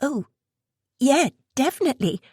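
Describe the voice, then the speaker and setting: A woman putting on an anxious young woman, pitched well up high and tumbling over her words in a rush. She sounds eager and flustered in this audiobook thriller, caught close on a dry mic. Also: darkish tone, no room sound. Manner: rushed, stammering.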